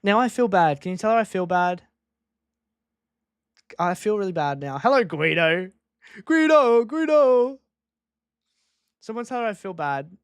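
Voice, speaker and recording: A man's voice: high-pitched, moderate pace, long pauses, smooth, dry recording, studio quality. A man streaming a live race watchalong from a home desk microphone, chatting casually and repeating himself as he reacts to each moment.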